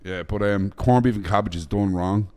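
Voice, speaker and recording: A man's voice: lowish voice, normal speed, warm tone. A man with an Irish accent, chatting as a guest chef on a podcast, blunt and profane. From Ireland. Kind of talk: casual podcast chat.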